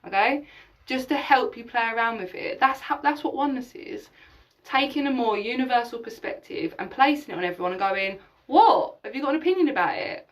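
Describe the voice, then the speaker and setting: High-voiced woman preaching from the mic. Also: animated, fairly quick, far from the mic, rough recording. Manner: emphatic and preachy, swears casually, acts out imagined dialogues. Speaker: spiritual teacher hosting a live session. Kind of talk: live-streamed spiritual talk.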